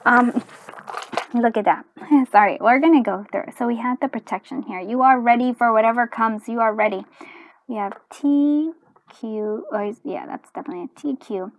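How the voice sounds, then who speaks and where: A woman reading tarot cards in a casual chat, with a hoarse, fading voice that keeps clearing its throat, rambling with restarts and dropping into soft half-whispered asides. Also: on the high side, normal speed. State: hoarse, voice going. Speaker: tarot reader. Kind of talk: casual pick-a-card reading.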